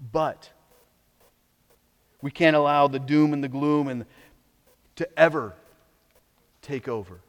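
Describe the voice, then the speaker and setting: A man preaching a sermon, swinging between hushed, quiet passages and loud, exhorting ones. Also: medium pitch, in a large hall. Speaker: pastor.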